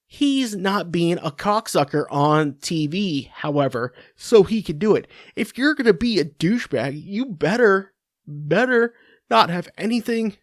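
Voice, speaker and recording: A man's voice: sits high, dry recording, clean studio sound. A man hosting a sports podcast, delivering a crude, sarcastic rant from his home office into a computer mic. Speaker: podcast host.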